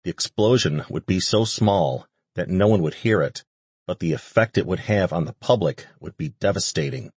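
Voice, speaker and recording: A man reading an audiobook as narrator, in a steady, measured way. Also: low voice, breathy edge, dry recording. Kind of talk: scripted narration.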